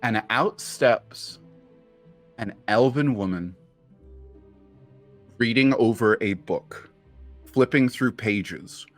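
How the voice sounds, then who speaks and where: A man narrating as game master of a tabletop game, relaxed and unhurried. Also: medium pitch, faint music behind.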